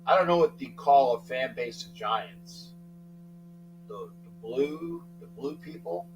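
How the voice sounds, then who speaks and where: A man's voice: on the high side, takes it slowly. Rambling man on a live stream. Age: older. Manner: rambling, shouts out viewers by name, frequent restarts. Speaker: host of a live sports talk stream. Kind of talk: casual live-stream chat, reading viewer comments. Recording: distant mic with faint mains hum.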